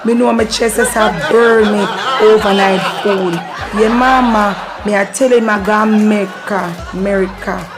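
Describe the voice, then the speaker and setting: A woman from Jamaica with a Jamaican accent, hosting a casual video lesson on patois, playful and quick to laugh. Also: mid-range voice, steady tone, loud music behind the voice, a loud crowd. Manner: playful, laughs often, lilting patois phrases. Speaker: channel host teaching patois.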